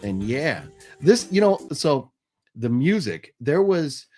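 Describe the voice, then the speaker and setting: A man's voice: medium pitch, faint music behind. A man hosting a live movie news stream, calling out giveaway names in a casual, chuckling, apologetic way. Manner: lively, apologetic, chuckling, drawn-out name calls.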